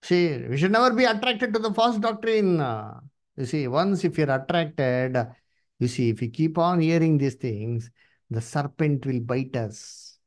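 A man preaching at a Bible study, emphatic and repetitive, swinging his pitch up and down. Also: measured pace. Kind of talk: sermon with Bible reading.

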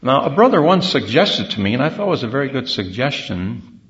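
A man giving a measured, deliberate sermon-style Bible talk from a convention platform, pausing often with fillers. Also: medium pitch, very animated, fairly bright tone, lo-fi sound. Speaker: speaker at a religious convention.

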